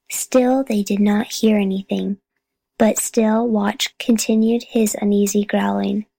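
A woman narrating a children's chapter book in a calm, steady reading voice. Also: mid-range voice, creaky, dry recording, low-quality recording. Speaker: audiobook reader. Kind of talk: storybook narration.

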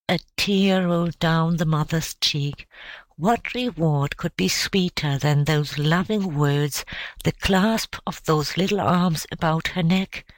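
A woman narrates an audiobook at a slow, measured pace. Her voice sits fairly low and expressive. The sound is dry and close. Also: no echo, low-quality recording. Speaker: audiobook reader.

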